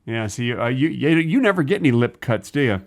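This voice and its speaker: Lively-voiced man cracking deadpan jokes. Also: fast talker. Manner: deadpan absurd jokes, breaks into high put-on voices. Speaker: podcast co-host. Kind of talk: casual comedic banter.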